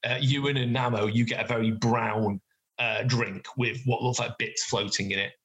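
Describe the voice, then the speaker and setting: A man's voice: medium pitch, moderate pace, rough recording. Guy gm-ing a tabletop game, medium voice, chatty scene-setting with lots of uhs and likes. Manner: lively descriptive narration with fillers. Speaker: game master.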